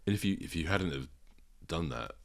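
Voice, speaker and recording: A man co-hosting a casual podcast, speaking in a measured, reflective way with frequent pauses and ums. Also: deep voice, expressive, vocal fry. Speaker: podcast co-host.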